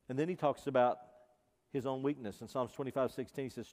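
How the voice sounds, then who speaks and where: A man preaching a sermon as pastor, impassioned, moving between loud emphasis and hushed intensity. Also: mid-range voice, fairly even intonation, fairly quick. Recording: reverberant hall.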